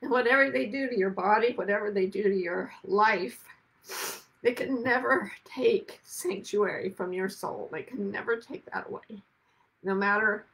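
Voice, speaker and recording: A woman's voice: mid-range voice, measured pace, gravelly, low-quality recording. A woman hosting a podcast, giving a reflective spiritual talk in an earnest, emotional way, close to tears. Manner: earnest, emotional, softly repetitive. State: tearful, on the verge of crying. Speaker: podcast host.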